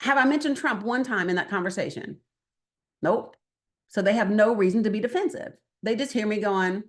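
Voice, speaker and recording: An animated woman leads a workshop talk, her voice swinging widely as she throws questions out to the room. She speaks in a conversational way and acts out little exchanges of dialogue, with a pitch that sits in a middle range for a woman. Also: moderate pace. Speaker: guest speaker at a political training. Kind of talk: lively workshop talk to an audience.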